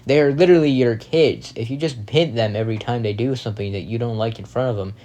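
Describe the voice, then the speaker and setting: A young man reacting to clips in a casual, rambling commentary. He is blunt, swears constantly and sounds indignant, with a mellow, darker tone at an ordinary pitch. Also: quick pace.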